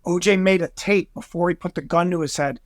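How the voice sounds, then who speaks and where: A man guesting on a podcast, telling a story in an excitable, rambling way and acting out other people's voices. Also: high voice, brisk, dry recording, studio quality. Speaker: guest investigator. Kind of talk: animated storytelling in conversation.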